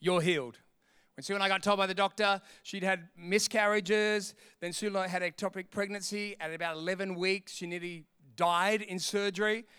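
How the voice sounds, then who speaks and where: Man, sermon, animated, clear smooth voice, dry sound. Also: high-pitched, normal speed, few pauses, no room sound. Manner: animated, acts out voices, laughs often. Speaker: pastor.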